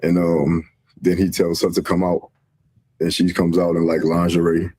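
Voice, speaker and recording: A man's voice: deep voice, little pitch movement, normal speed, dark tone, husky. A man telling his story in a casual interview, laid-back and matter-of-fact. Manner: laid-back, plain recounting. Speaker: interview guest, dancer.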